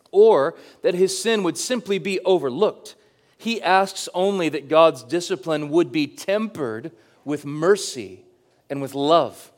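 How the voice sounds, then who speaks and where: A man preaching a sermon in an earnest voice. He reads the passage slowly, then explains it with rising emphasis and turns to speak straight to his listeners. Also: on the high side. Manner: speaks directly to the congregation. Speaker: pastor.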